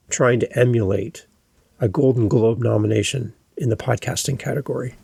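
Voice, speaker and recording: A man's voice: medium pitch, creaky, a little mellow, breathy edge, dry recording, studio quality. A man hosting his own solo podcast, talking in an earnest, reassuring and conversational way. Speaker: podcast host.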